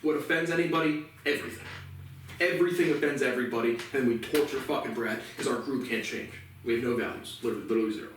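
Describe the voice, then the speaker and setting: A man's voice: medium pitch, fairly even intonation, very fast, few pauses. A man in a rambling, profane solo monologue, ranting agitatedly on his outdoor porch. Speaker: vlogger. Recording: echoey and distant with faint noise.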